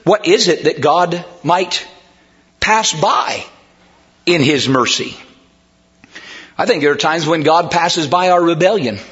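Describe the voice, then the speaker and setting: This pastor's sermon comes slowly and with frequent pauses, his high voice ringing brightly through the church sanctuary. He shifts between hushed softness and emphatic shouts, captured on a muffled, lo-fi recording.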